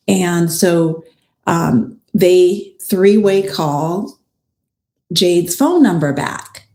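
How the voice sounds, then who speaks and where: A woman's voice: on the low side, lively intonation, takes it slowly, darkish tone. A woman host and attorney casually recounting a trial in a chatty, plainspoken way, with frank personal asides. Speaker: family law attorney and podcast host. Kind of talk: casual storytelling recap of a trial. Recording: echoey room.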